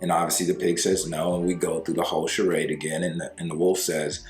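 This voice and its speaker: A man with a very low voice, coaching listeners on breakups by telling them a story. He talks casually, with fillers, and slows down to stress key words. The sound is roomy, with soft music underneath. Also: flat delivery. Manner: conversational, with fillers and slow emphasis. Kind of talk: storytelling advice monologue.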